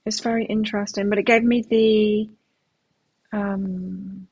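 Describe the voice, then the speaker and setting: A woman's voice: medium pitch, little pitch movement, unhurried, a little mellow, husky, dry recording, low-quality recording. A middle-aged woman hosting a live tarot stream, chatting casually and telling rambling anecdotes between readings.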